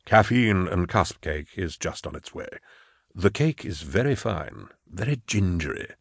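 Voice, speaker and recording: A man voicing a suspicious, fussy male prefect in an audiobook, with hushed, wary asides. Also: deep voice, sing-song, a little slow, vocal fry, slightly rough, dry recording, studio quality, full character voice. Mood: polite.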